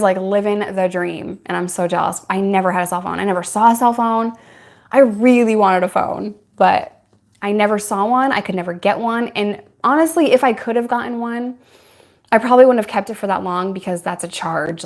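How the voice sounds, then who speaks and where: A woman's voice: mid-range voice, fairly even intonation, moderate pace, gravelly, darkish tone. A young woman talking straight to camera, answering questions from her viewers. She is candid and chatty, laughs often, and speaks in an ordinary mid-range voice. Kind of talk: casual Q&A chat.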